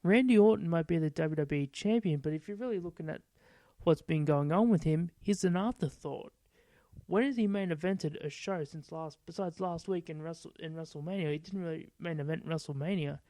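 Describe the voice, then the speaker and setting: A man's voice: on the high side, fairly quick, dark tone, no echo. A man hosting his own show, giving a casual, blunt wrestling review and swearing freely. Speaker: podcast host.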